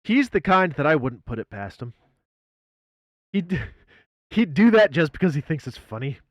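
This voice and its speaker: Animated, lively-pitched swearing streamer guy. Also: normal speed, dry recording, highs cut off. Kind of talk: casual live-stream chat.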